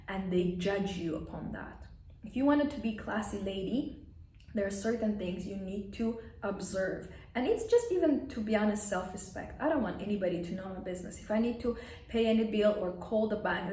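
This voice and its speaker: A woman's voice: mid-range voice, darkish tone, roomy sound, distant mic. A woman coaching etiquette in a plain instructive way, stating blunt rules and acting out examples. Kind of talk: advice vlog lesson.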